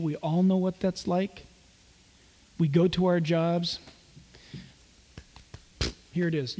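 Male pastor, high voice, animated sermon, acts out voices, reverberant hall. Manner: animated storytelling, acting out voices. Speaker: pastor and Bible teacher.

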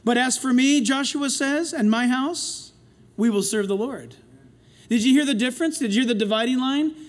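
A middle-aged man preaching a sermon as pastor, swinging between loud passionate lines and quiet asides. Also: extremely high pitch, normal speed.

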